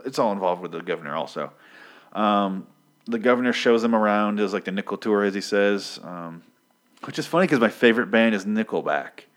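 A man's voice: fairly low pitch, expressive, a little fast. A man casually recapping a comic book, sarcastic, rambling and swearing freely.

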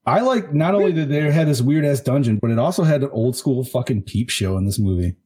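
A man with a warm, mellow voice talks through a film with his friends in loose, profane podcast chat. He muses aloud and leaves some of his thoughts hanging. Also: medium pitch, expressive, brisk, husky. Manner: profane, musing, trails off mid-thought. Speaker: podcast co-host. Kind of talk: casual movie-review chat.

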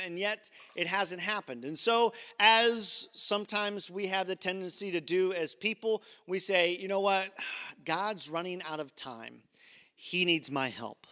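Pastor, man: high bright tone, chatty and playful in the pulpit. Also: in a large hall. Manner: conversational, playful asides to the congregation. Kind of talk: sermon.

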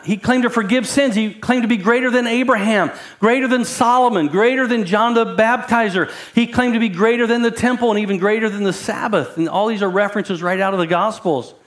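A pastor preaching a sermon in a conversational way, repeating words and building emphasis. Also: male voice, high-pitched, fairly bright tone.

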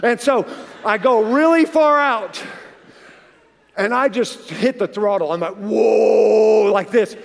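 A man in his forties, a pastor preaching a sermon, telling a personal story in an animated way and acting out the dialogue. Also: very high voice, a little slow, long pauses. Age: 40s. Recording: long reverb of a large hall.

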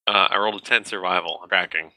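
A man's voice: low voice, steady tone, fast, pushed and bright, rough recording. A young man playing a tabletop game, wry and laid-back, often laughing. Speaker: player. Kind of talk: casual tabletop game chat.

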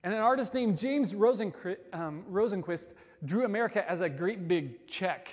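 A man giving a sermon as a pastor, conversational and casual, swinging between loud emphasis and soft, quiet stretches. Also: high voice, lively intonation, normal speed, long reverb tail.

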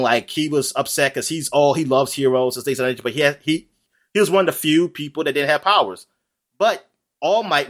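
A man talking in a casual, rambling chat, animated and full of fillers, laughing often. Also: mid-range voice.

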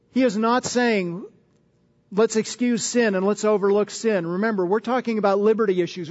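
A man preaching a sermon as pastor, earnest and emphatic, pressing hard on key words. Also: high voice. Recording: dull sound with long hall reverb.

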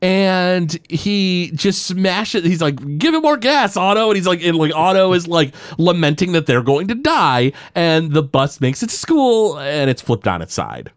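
A man co-hosting a podcast, casually retelling a cartoon episode in a loose, animated way with lots of fillers. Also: fairly high pitch, dry recording, clean studio sound. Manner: animated, loose retelling with many fillers and quick put-on quotes. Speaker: podcast co-host.

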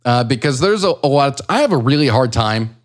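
A young man chatting on a podcast, his pitch rising and falling as he rambles. He swears freely and jokes at his own expense. He breaks into laughs easily. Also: expressive. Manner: rambling, profane, self-deprecating, quick to laugh. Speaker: podcast co-host. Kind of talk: casual chat.

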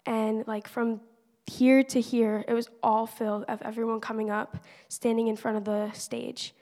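A woman's voice: a little high, flat delivery, moderate pace, mellow. A teenage girl giving an earnest, conversational faith testimony at church, with many casual fillers. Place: church hall. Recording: long church-hall reverb.

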